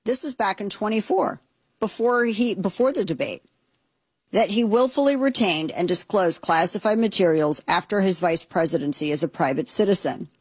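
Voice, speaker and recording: A woman hosts political commentary with a husky edge to her voice. She sounds indignant and sarcastic as she mocks the people she discusses. The recording is dry and close, with no room sound. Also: mid-range voice, moderate pace, dry recording. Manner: indignant, sarcastic, animated mockery. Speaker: host.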